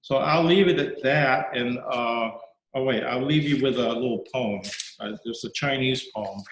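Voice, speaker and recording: Reflective Zen teacher, echoey video call. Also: male voice, mid-range voice, unhurried, a little hiss or hum. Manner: reflective, with many restarts. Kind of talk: dharma talk.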